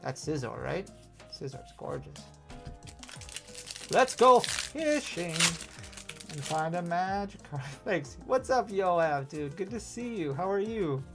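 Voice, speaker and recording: A man's voice: sits high, very animated, slow, creaky, faint music behind. A man with a Wisconsin accent hosting a live stream, opening card packs and reading out chat, chatty and self-deprecating with frequent laughs. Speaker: host.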